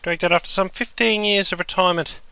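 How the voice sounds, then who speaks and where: Male actor as TV cricket commentator, measured broadcast patter, smooth voice. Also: high voice, fairly even intonation, pushed and bright, dry recording, full character voice. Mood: wry. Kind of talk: scripted comedy sketch.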